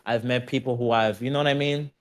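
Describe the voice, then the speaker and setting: A man chats casually as a streamer guest on a podcast. He talks in an animated, rambling way and keeps asking "you know what I mean". His voice sits at an ordinary middle pitch. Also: quick pace.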